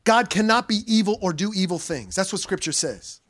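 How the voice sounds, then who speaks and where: A man preaching a sermon as pastor, animated and conversational, mixing scripture reading with playful slang asides. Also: high-pitched, brisk.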